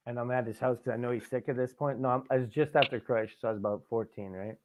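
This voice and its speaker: A man's voice: medium pitch, fairly even intonation, fast talker, noisy background. A young adult man hosting a podcast, telling rambling, profane stories in casual chat and laughing at his own tales. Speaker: podcast host. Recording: tinny phone-like sound.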